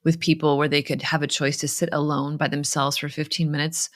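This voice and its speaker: A woman, a religious sister, co-hosting a faith podcast, reading scripture calmly and measuredly, then chatting. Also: deep voice. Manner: calm, measured reader. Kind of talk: scripture reading and casual chat.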